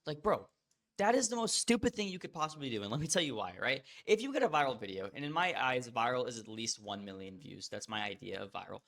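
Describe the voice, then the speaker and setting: A young man hosting an online course, talking casually and bluntly to the viewer with quick restarts. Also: mid-range voice, very animated, creaky, a bit bright. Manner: blunt, fast, repetitive restarts, addresses viewer as bro. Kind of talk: casual direct-to-camera teaching.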